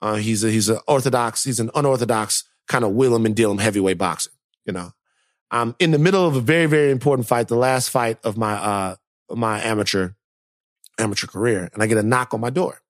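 A man on a podcast telling a story in a casual, animated way, his voice jumping up high when he is exasperated. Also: brisk, no room sound, studio quality. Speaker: podcast co-host.

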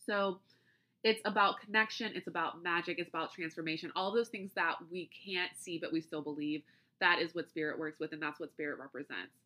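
Brisk, bright and forceful, with a voice on the low side, a podcast host chats casually. She works through long lists item by item and follows with loose explanations, restarting as she goes.

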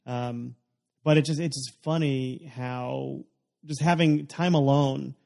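A man's voice: mid-range voice, fairly even intonation, slow pace, gravelly, a little mellow. A young adult man hosting a casual chat, rambling with lots of fillers. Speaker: podcast host.

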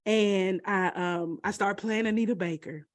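A woman telling a personal story, halting and emotional, with many pauses and fillers. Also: medium pitch, steady tone, no echo, studio quality.

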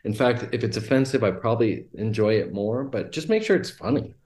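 A man talking as a podcast guest, telling blunt, animated stories with lots of fillers. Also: mid-range voice, fairly quick, reverberant. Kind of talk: casual storytelling chat.

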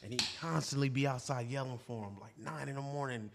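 A man's voice: medium pitch, a little fast, vocal fry, background noise. A man telling a rambling, slang-filled story in casual podcast chat.

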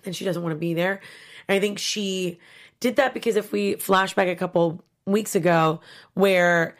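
A woman's voice: lowish voice, fairly even intonation, normal speed. A woman co-hosting a casual chat about a TV show, gushing and chatty with lots of fillers. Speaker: podcast co-host.

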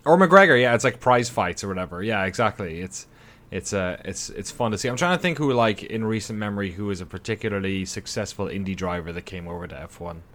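Male co-host, lowish voice, jokey, laid-back banter. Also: expressive, fast, fairly bright tone. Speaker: podcast co-host. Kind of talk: casual chat.

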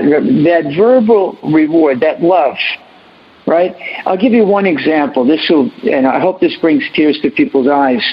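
A man's voice: fairly high pitch, breathy edge, dull audio. A man speaking as an educator on a panel, earnest and preachy, often repeating his phrases. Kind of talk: impassioned panel remarks.

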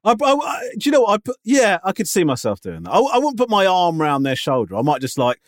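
A man's voice: high voice, huge pitch swings, fast, no echo, clean studio sound. A man co-hosting a podcast in a casual chat, teasing and skeptical, often stumbling over restarts. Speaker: podcast co-host.

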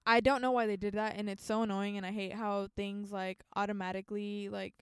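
A woman's voice: mid-range voice, little pitch movement, fairly quick, clean tone, dry recording, clean studio sound. A young woman co-hosting a casual podcast chat, giggly and full of "like" fillers. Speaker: podcast co-host. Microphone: studio mic, close and dry.

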